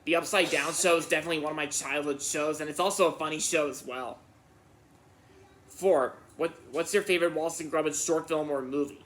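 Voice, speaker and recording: A man's voice: fairly high pitch, steady tone, fairly quick, fairly bright tone. A man hosting his own channel, reading out viewer questions and answering them casually, often restarting and repeating words. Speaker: Q&A channel host.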